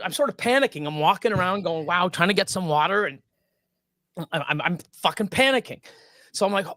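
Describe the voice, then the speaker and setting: A man's voice: high voice, fairly bright tone, no room sound. A man co-hosting a live stream, telling a story in casual chat, rambling and swearing freely with lots of stops and restarts. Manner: rambling and profane, with many restarts.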